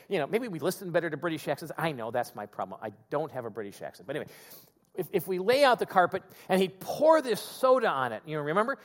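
A man preaching a sermon, swinging between loud emphatic passages and quiet conversational asides. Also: sits high, in a large hall. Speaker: pastor.

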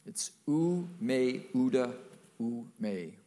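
A man's voice: mid-range voice, lively intonation, slow pace, warm tone. An older man preaching a sermon, folksy and emphatic, with playful asides to the congregation.

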